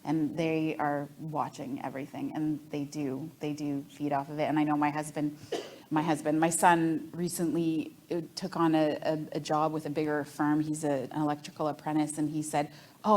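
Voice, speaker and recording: A Canadian woman in her forties, an entrepreneur guest in a live onstage interview, telling lively stories and laughing often. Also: deep voice, normal speed. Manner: animated storytelling, laughs often.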